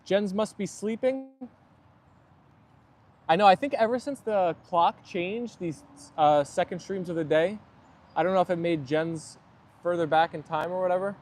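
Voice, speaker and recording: A man with a fairly high voice hosts a relaxed live stream. He keeps up a loose, friendly stream of chatter as he reads out viewers' comments and answers them one by one. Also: moderate pace, long pauses, a little hiss or hum. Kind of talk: casual live stream chat.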